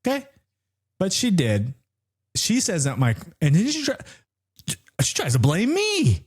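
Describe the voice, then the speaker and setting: Man, podcast co-host, animated rant, swears freely, pitch all over the place. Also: unhurried, slightly rough. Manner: excitable, swears freely, jumps into high-pitched retellings.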